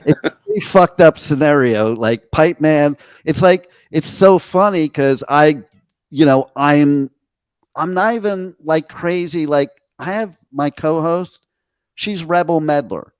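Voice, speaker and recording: A man's voice: a little high, a little slow, clear, resonant tone, no room sound. A middle-aged man, a radio host, telling brash stories and swearing freely in a casual interview.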